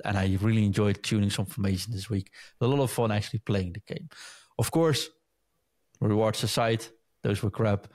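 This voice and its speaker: Low-voiced man hosting a chat show. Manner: relaxed, chatty, leading the segments. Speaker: podcast host. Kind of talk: casual chat.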